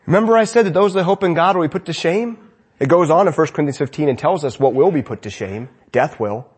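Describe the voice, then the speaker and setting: A man preaching a sermon with fervent energy, swinging between loud exclamations and hushed lines. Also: fairly high pitch, fast, breathy edge.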